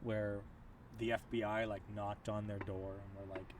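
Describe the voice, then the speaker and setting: A man's voice: fairly low pitch, normal speed. A man chatting on a stream, telling stories with lots of restarts and stumbles. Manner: animated storytelling with many restarts. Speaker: stream co-host. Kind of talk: casual chat. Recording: distant mic with light outdoor noise.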